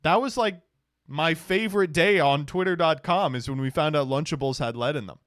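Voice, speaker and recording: A man's voice: on the high side, normal speed, a bit bright, dry recording, studio quality. A man streaming casual reaction commentary, sarcastic and laughing often, with plenty of swearing. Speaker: streamer reacting to clips and tweets.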